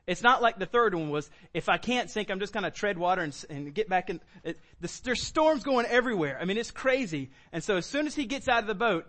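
Male pastor, high-pitched, lively sermon delivery with acted-out quotes. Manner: animated preaching, acts out quoted lines with sudden high bursts.

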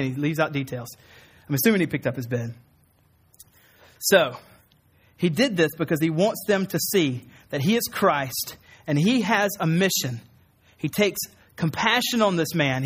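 A man's voice: sits high, fairly bright tone. A man in his thirties preaching an earnest sermon in a church, acting out quoted lines and building up emphasis. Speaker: pastor.

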